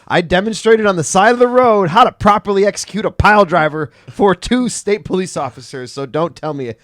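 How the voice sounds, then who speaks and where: A man hosting a podcast, chatting in a relaxed, agreeable way and joking along with his guest. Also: high-pitched, fairly quick, no room sound, studio quality. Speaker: podcast host. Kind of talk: casual chat.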